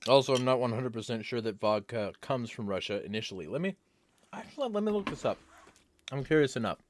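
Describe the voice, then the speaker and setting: A man's voice: mid-range voice, animated, a little fast, a little hiss or hum. Wry man chatting on a livestream. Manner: rambling, wry, reacts to chat comments. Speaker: livestream host reading chat. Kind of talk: casual livestream chat.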